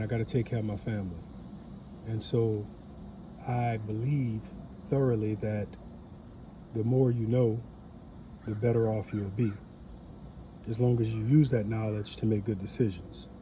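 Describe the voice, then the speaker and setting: New man, earnest vlog host, deep mellow tone, faint background hiss. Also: fairly even intonation, normal speed, long pauses. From New Orleans. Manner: earnest, motivational, repeats phrases. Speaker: family channel creator. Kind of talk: casual vlog talk to camera.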